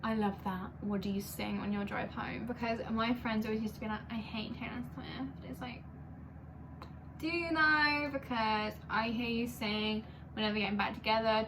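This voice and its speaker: A woman's voice: medium pitch, steady tone, moderate pace, background noise. Gushing, chatty young woman vlogger. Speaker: music vlogger. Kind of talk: casual chat reviewing an album.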